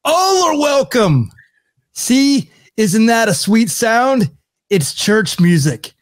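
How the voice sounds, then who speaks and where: A man voicing a fervent male church preacher, reading with a drawn-out revival-sermon delivery. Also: extremely high pitch, sing-song, voice pushed up, heavily acted. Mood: preachy. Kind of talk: dramatic reading in a put-on voice.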